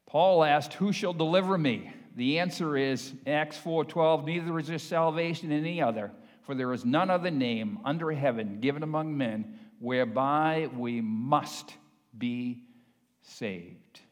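A man's voice: on the high side, unhurried. Older male preacher in a reverberant hall. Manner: dynamic preaching, swinging from quiet to loud. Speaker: pastor. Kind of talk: sermon.

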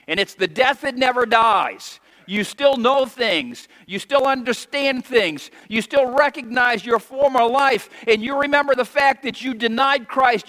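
With a bright, forceful voice that sits high, a man preaching as pastor reads archaic-worded scripture aloud. He emphatically leads the congregation to echo his lines, and the room carries a long hall reverb.

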